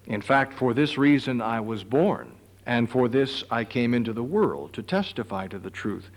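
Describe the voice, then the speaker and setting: A man voicing Jesus as a calm, grave figure who speaks low, quietly and in a measured way. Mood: solemn. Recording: long hall reverb.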